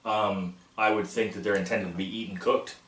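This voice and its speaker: A man's voice: lowish voice, fairly even intonation, normal speed, crowd noise. A man hosting a casual food-tasting vlog, goofy and self-mocking as he jokes about snacks. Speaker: vlog host. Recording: echoey room from far off.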